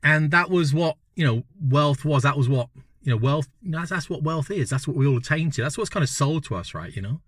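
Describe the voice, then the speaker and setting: A man's voice: fairly high pitch, lively intonation, a little fast, breathy edge, dry recording, studio quality. A British man in his fifties telling a story in a casual, chatty way, often checking in with the listener. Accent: British English. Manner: chatty, keeps checking in with "right?" and "you know?". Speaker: vlogger.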